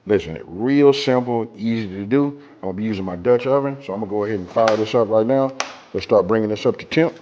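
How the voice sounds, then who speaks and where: A man's voice: on the low side, fast, darkish tone, highs cut off. A man hosting a casual cooking demonstration, talking straight to viewers in a laid-back, colloquial way and checking in with them often. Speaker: cooking show host.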